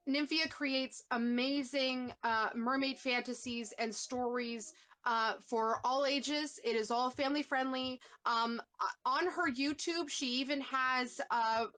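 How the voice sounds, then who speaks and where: A woman's voice: sits high, fairly bright tone. A woman from Canada hosting a casual live-stream interview, gushing and emotional, often tearful, with many fillers and restarts. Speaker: host.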